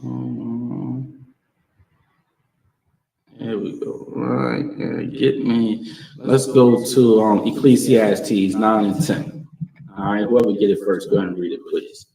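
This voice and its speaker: Gravelly male preacher, emphatic call-and-response, distant in a roomy hall with a crowd. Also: lowish voice, fairly even intonation, slow, dark tone. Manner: emphatic, repeats questions to the room. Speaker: teacher leading a scripture class. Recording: echoey room, distant mic, crowd behind.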